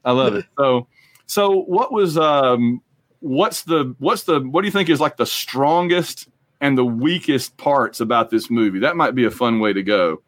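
A man co-hosting a casual movie podcast, talking in a rambling, jokey, animated way. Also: medium pitch, measured pace, no echo, clean studio sound. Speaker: podcast co-host.

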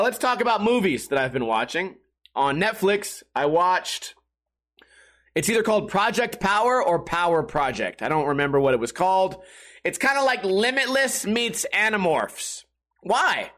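A man's voice: a little high, fairly bright tone. A young man hosting a solo podcast, rambling casually with lots of swearing and laughing at his own jokes. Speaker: podcast host.

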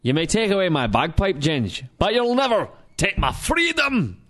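A man's voice: high voice, sing-song, moderate pace, fairly bright tone, voice pushed up, full character voice. A man voicing a defiant Scottish rebel warrior with a Scottish accent, in a mock-heroic, proclaiming way.

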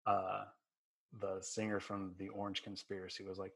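A man with a lowish voice tells an anecdote in an easygoing way on a podcast. He now and then mimics the people he describes. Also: little pitch movement, normal speed. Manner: laid-back anecdote teller, mimics people. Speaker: podcast co-host. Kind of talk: casual chat.

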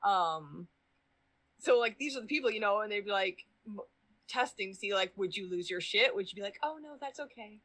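Woman, bright voice, rambling casual podcast chat, swearing. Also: mid-range voice, a little fast. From Canada. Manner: rambling, full of "um" and "like", swears freely. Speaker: podcast guest.

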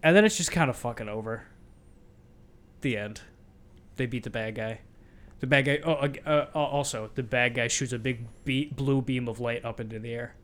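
A man talking through a movie plot in a loose, casual chat. He sounds blunt and sarcastic and swears freely, with a voice sitting at a middling pitch. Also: normal speed, a bit bright.

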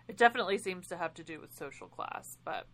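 A woman co-hosting a podcast, talking about a book in an animated way and laughing often. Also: fairly low pitch, quick pace. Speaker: podcast co-host. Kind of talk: casual book discussion.

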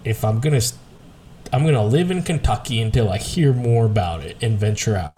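A man's voice: fairly low pitch, fairly quick, warm tone, slight background noise. Easygoing man chatting about whiskey. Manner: easygoing, rambling, hesitant. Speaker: podcast co-host. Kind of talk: casual whiskey chat.

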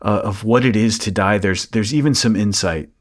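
A man, a priest hosting the conversation, speaking thoughtfully with many restarts. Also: on the low side. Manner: thoughtful, halting, with repeated restarts. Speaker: host, a priest. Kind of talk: interview conversation.

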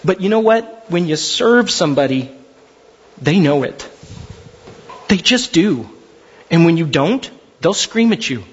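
A man's voice: fairly high pitch, sing-song, a little slow, long pauses, slightly rough, highs cut off. A male pastor delivering an impassioned, conversational sermon with emphatic delivery.

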